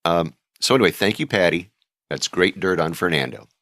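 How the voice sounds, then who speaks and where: Very deep-voiced chatty male podcast host. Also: expressive, fairly quick, pushed and bright, no echo, clean studio sound. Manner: chatty, rambling, reads listener mail aloud. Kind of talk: casual podcast monologue.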